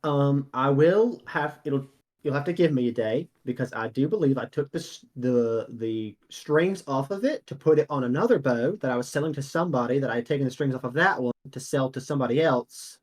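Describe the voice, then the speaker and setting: A man's voice: medium pitch, a little fast, lightly acted. A man voicing a chatty, sly male halfling shopkeeper with a folksy, jovial manner. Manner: folksy, jovial, calls people lad and my boy.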